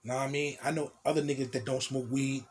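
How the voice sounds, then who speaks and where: A young man from New Jersey casually telling a profane, animated storytime tale in street slang, acting out what people said. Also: mid-range voice, fast talker, a little hiss or hum.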